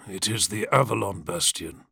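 A man voicing a patient, calm male zealot warrior in an audiobook, speaking low and steady. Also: moderate pace, vocal fry, breathy edge, no room sound, studio quality, heavily acted.

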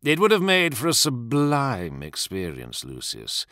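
A man voicing a possessed male demon prince who is silken and mocking, speaking slowly and theatrically. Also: mid-range voice, wildly swooping pitch, pushed and bright, no echo, clean studio sound, exaggerated voice.

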